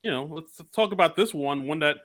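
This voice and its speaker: Podcast co-host, male, eager and upbeat, bright tone. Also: a little high, brisk. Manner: enthusiastic, excitable. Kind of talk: casual chat.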